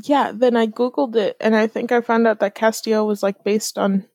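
A teenage girl chatting casually on a voice call, relaxed and teasing, laughing often. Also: fairly high pitch, moderate pace, no room sound. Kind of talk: casual chat.

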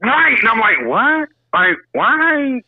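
A man in casual chat, talking loudly and profanely and laughing often. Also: extremely high pitch, big pitch swings, slow, phone-quality sound.

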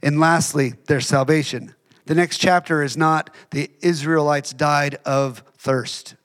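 Preacher, man, higher voice, chatty and emphatic, repeats lines for weight. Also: fairly even intonation, a little slow, a bit bright. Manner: conversational, emphatic with repeated phrases. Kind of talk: sermon.

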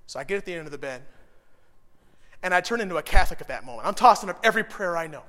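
A middle-aged man pastor preaching a sermon, telling a personal story with emotion that swells to loud, intense peaks. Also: high-pitched, very animated, racing, in a large hall.

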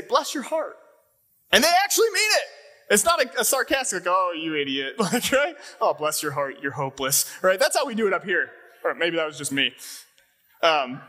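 A male pastor preaches in a church, his voice sitting high and sounding bright. He keeps it conversational, tossing rhetorical questions out to the congregation. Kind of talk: sermon. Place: church sanctuary.

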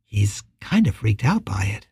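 A gentle, concerned woman friend speaking softly on the phone, as the narrator puts her on. The voice stays mellow and husky, in a dry, close sound. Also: very deep voice, very animated, moderate pace, no room sound, voice pushed down, exaggerated voice. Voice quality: soft.

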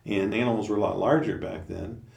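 A man tells a traditional tale in a relaxed, halting voice full of fillers. His voice sits low with plenty of gravel. He is picked up from a distance in a roomy space. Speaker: storyteller. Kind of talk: oral storytelling.

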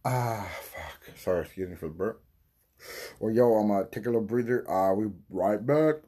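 A man with a husky, breathy voice talks in a loose, rambling podcast monologue. He swears freely, loses his train of thought, and coughs while high from smoking. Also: normal speed, dark tone. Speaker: podcast host. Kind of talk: casual stoned monologue.

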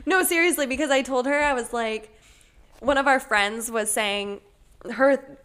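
A woman's voice: high voice, measured pace, a bit bright, clear, resonant tone. A young woman co-hosting a podcast, chatting casually and retelling stories with quoted dialogue. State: wired on caffeine. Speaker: podcast co-host. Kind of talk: casual chat.

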